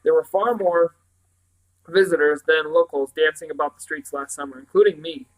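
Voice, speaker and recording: A man's voice: on the high side, fairly even intonation, normal speed, natural voice, poor audio. A cocky young boy in a storybook, voiced by a man reading aloud. He speaks bluntly and offhandedly, with an impatient edge. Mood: offhand.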